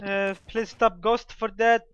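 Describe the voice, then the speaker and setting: A man's voice: sits high, fairly even intonation, measured pace. A man talking in broken English during casual game voice chat, tacking a stock phrase onto his sentences and trading playful insults. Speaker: gamer in voice chat. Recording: slightly dull voice-chat audio with faint noise.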